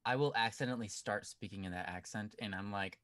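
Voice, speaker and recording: A man's voice: lowish voice, fast talker, fairly bright tone. A man from Britain co-hosting a streamed talk show, chatting easily with rambling asides and frequent laughs. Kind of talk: casual group chat.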